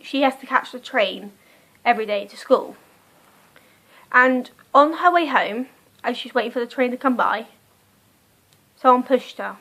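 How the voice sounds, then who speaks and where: A woman's voice: fairly high pitch, unhurried, pauses often, a bit bright, low-quality recording. A young British woman with a British accent, chatting casually through a book review vlog recorded on a phone, rambling and cutting herself off. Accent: British English. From Britain. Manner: chatty, rambling, self-interrupting. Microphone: phone camera.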